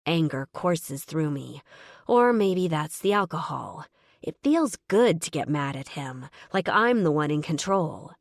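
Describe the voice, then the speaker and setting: A woman narrating an audiobook in the first person, measured and wry. Her voice sits a little low and the recording is dry and close, with no room sound. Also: sing-song, vocal fry, no room sound.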